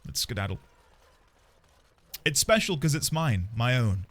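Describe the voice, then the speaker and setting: A man's voice: medium pitch, sing-song, a little slow, a bit bright. A man streaming a game, chatting casually in a playful, rambling, self-mocking way. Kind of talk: casual gameplay commentary. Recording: game music behind.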